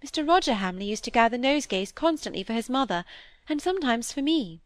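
A woman voicing a shy, earnest young woman who speaks softly and pleadingly in a storybook reading. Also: fairly high pitch, lively intonation, quick pace, dry recording, clean studio sound, voice pushed up, natural voice. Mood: gentle. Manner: soft, pleading.

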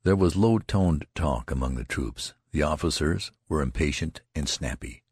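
A man with an extremely deep voice reads a classic novel aloud at a measured, even pace. His tone is husky, and the recording is dry and close, with no room sound. He tells the story steadily, like an audiobook narrator. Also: no echo.

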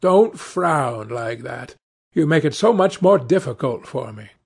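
A man reading aloud, voicing a petulant, languid young gentleman in an airy, careless tone. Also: mid-range voice, expressive, measured pace, gravelly, slightly rough, full character voice.

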